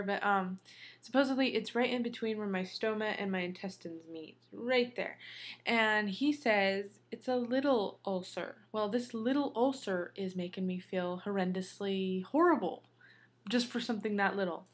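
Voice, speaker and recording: Woman vlogging, middle pitch, venting to her viewers with lots of ums and you knows. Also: moderate pace. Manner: chatty, venting, many fillers. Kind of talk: casual chat to viewers.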